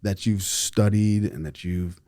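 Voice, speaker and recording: Deep, mellow, measured man. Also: steady tone, no echo. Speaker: podcast co-host. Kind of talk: podcast discussion.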